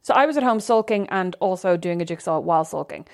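A woman, co-hosting a podcast in casual chat and telling stories in a lively way, often acting out what people said. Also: lowish voice, fast, gravelly. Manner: chatty, animated storytelling with quoted asides. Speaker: podcast co-host.

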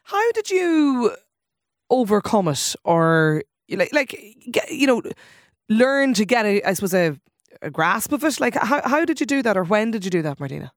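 A woman hosting a radio interview, asking gentle, halting questions. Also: medium pitch, sing-song, no room sound, studio quality. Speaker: radio host.

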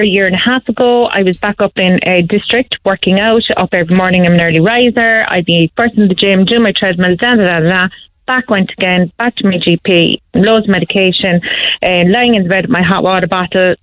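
A middle-aged woman with a Cork accent, chatting on the radio and telling stories in a lively, animated way. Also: mid-range voice. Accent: Irish, Cork. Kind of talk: casual radio chat. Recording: phone line.

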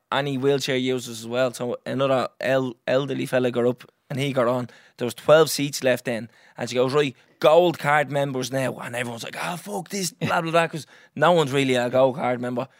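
A young Irish man hosting a podcast, telling a story in a lively, swearing, casual way and acting out what others said. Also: medium pitch, a little fast, no echo, clean studio sound. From Ireland. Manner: animated, swears freely, acts out others' lines. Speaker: podcast host.

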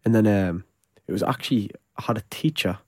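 A young man in his twenties with a strong Northeast English accent talks as a radio guest, relaxed and rambling. His voice is on the lower side and recorded dry and close in a studio. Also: quick pace, breathy edge, no echo. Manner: relaxed, rambling, self-mocking. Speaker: musician guest. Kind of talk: casual chat. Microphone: studio microphone.

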